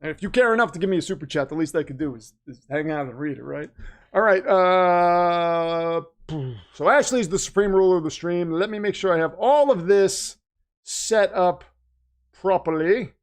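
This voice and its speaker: A man hosting a casual livestream and reading viewer messages, talkative, keyed up and nervous, swinging from loud to quiet. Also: high voice, moderate pace. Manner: excitable, talkative, jumps between loud and quiet. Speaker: livestream host reading super chats.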